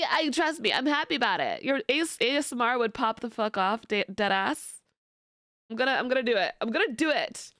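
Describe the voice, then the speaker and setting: A woman VTuber chatting casually to her stream, with a low, deep voice for a woman, giggling often and rambling through repeated restarts. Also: pushed and bright, no room sound, studio quality. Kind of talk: casual livestream chat.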